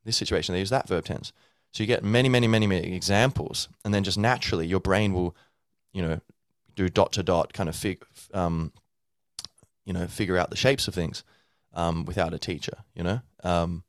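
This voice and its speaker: A man's voice: low voice, normal speed, dry recording, studio quality. A man hosting a podcast, explaining in a casual, rambling way with many fillers and restarts. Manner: acts out a learner's inner thoughts. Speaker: podcast host. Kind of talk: casual teaching monologue.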